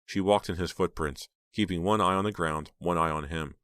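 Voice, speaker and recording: A man narrating an audiobook in a steady, measured voice. His voice is very low and deep, and the recording is dry and close with no room sound. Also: dry recording. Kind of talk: scripted narration.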